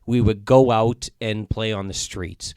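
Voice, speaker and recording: A man's voice: on the low side, fairly even intonation, a little slow, darkish tone, clear, resonant tone, no echo. A man co-hosting a podcast, chatting casually and teasing his partner with joking stories. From Northern Ontario, Canada. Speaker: podcast co-host. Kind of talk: casual chat.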